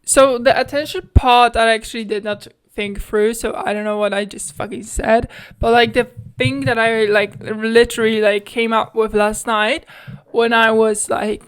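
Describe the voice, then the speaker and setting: A woman's voice: on the high side, steady tone, normal speed, clear, resonant tone. A young adult woman hosting a casual solo podcast, rambling candidly, swearing freely and filling her talk with "like". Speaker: podcast host.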